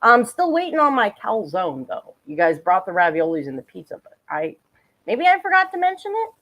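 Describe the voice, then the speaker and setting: A woman's voice: fairly high pitch, sing-song, a little fast, highs cut off. A woman streaming live, commenting on a clip with sarcastic, giggly and profane remarks. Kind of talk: casual livestream commentary.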